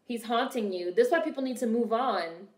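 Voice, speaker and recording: A woman's voice: fairly high pitch, brisk, echoey room. A young woman casually commenting on a film during a live stream, swearing freely and answering her chat. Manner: chatty, swearing, reads and answers viewer chat.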